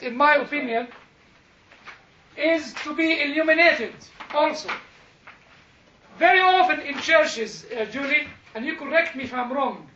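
A man's voice: very high voice, normal speed, long pauses, pushed and bright, slight background noise. A man leading an informal teaching talk for a church group, speaking animatedly, repeating words, chuckling and addressing listeners directly. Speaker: church discussion leader. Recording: echoey room, distant mic, dull sound.

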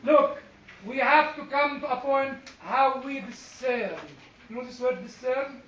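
A man's voice: extremely high pitch, measured pace, a little hiss or hum. A man leading a church Bible class, asking questions and joking at his own expense. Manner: animated, questioning, self-deprecating humor. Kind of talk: classroom discussion. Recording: far-off echoey room mic, slightly dull.

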